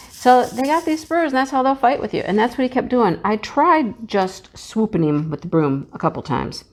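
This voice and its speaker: A woman hosting a casual chat vlog, telling an animated, rambling story and laughing often. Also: on the low side. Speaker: craft channel host.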